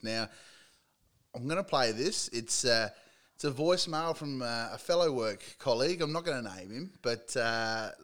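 A man's voice: medium pitch, fairly bright tone. A man hosting a podcast, chatting in a laddish, swearing banter and laughing often. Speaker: podcast host. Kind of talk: casual chat.

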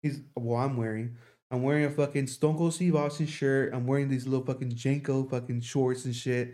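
Młody mężczyzna opowiada sen, dużo przekleństw. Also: male voice, mid-range voice, steady tone, fairly quick, warm tone. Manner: rambling storytelling, heavy swearing. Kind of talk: casual chat.

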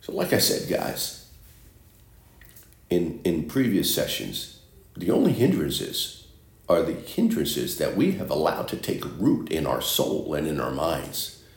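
A man's voice: rumbling low, big pitch swings, slow, creaky. A man preaching a sermon, reading scripture and repeating phrases for emphasis. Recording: echoey room.

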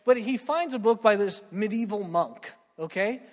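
A young man with a high, bright voice preaches a lively sermon, joking and checking in with "right?" after nearly every point. His voice rings with a long hall reverb, as if filling a church. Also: normal speed. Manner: animated, joking, keeps asking "right?".

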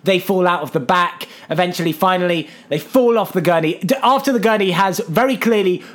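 A man's voice: high-pitched, brisk. A man, casually retelling a film plot on a podcast and jumping into silly voices. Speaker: podcast co-host. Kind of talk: casual chat.

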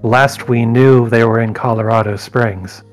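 A man's voice: mid-range voice, steady tone, unhurried, close to an everyday voice. A man voicing an earnest adult werewolf who talks in hesitant, stammering restarts.

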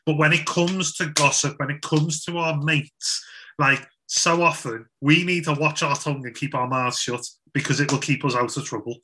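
Young man, bright voice, slightly high pitch, chatty youth sermon, informal with restarts. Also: fairly even intonation, normal speed, a little hiss or hum. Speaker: youth speaker. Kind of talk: Christian talk to young people.

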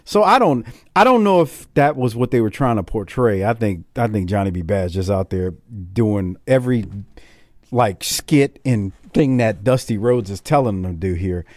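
Casting: middle-aged Southern US man, podcast host, lively and expressive, with a dry, close sound. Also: lowish voice, normal speed, no room sound. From Deep South, US. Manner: animated, laughing, repeats words. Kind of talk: casual wrestling review chat.

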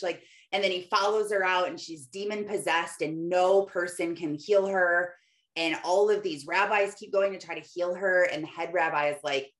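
A woman's voice: lowish voice, normal speed, fairly bright tone. A young adult woman hosting a live faith-based morning podcast, chatting eagerly with lots of filler words. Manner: enthusiastic, chatty, full of "like" fillers. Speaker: podcast host.

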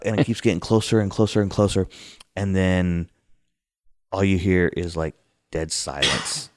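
Deep-voiced man telling a spooky tale. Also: a little fast, dry recording. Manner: animated, acts out the scares with sudden high outbursts. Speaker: guest telling a story. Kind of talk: casual storytelling. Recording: dry close sound.

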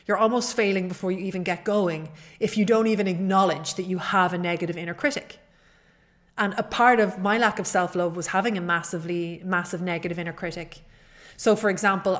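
A woman hosts her own podcast and talks alone in an earnest, personal way, like a coach. Her voice sits a little low for a woman. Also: fairly bright tone. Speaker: podcast host. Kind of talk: solo podcast monologue.

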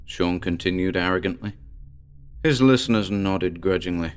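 A man reading a scripted story as narrator in a calm, measured way. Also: low voice, faint music behind.

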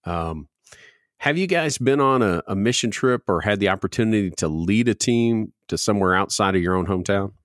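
Deep-voiced man hosting a podcast. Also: animated, fairly quick, no echo, studio quality. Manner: easygoing, leads the discussion. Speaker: podcast host. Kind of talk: casual podcast chat.

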